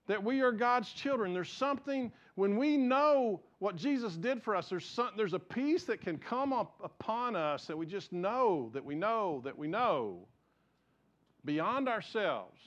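A man preaching a sermon as pastor, telling stories earnestly and dropping from raised emphasis to hushed, quiet passages. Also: sits high, very animated, a little slow. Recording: dull lo-fi sound.

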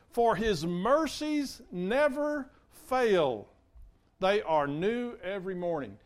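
Guy pastor giving a sermon, kinda high voice, earnest, says stuff twice, talks right to the church. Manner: earnest, repeats key phrases, addresses congregation directly.

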